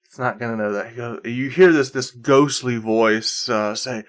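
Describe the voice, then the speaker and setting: A man runs the table as game master, talking in an easy, unhurried way. He pauses often with ums and uhs as he sets each scene. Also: mid-range voice. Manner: relaxed, many fillers.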